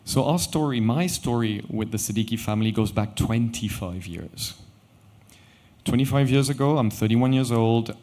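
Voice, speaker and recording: A middle-aged man tells a story on an event stage, acting out each exchange as he goes. His voice sits a little low and moves between hushed asides and livelier bursts. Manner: animated anecdotal storytelling with quoted dialogue. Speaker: watch company founder telling a story. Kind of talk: conference storytelling talk.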